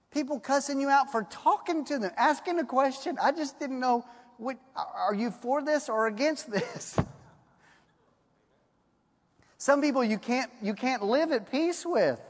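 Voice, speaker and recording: A man preaching a sermon in a folksy storytelling way, reading scripture slowly. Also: very high voice, lively intonation, in a large hall.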